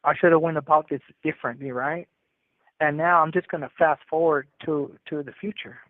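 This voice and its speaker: A man's voice: a little high, steady tone, brisk, no room sound. A man telling a story over a prison phone call, in street slang with many fillers and restarts. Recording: tinny phone line.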